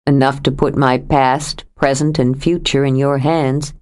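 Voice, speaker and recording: A woman voicing a troubled grown man who speaks in a low, steady, earnest way as he confesses to his lover in an audiobook. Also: measured pace. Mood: earnest, pleading. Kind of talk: audiobook character voice.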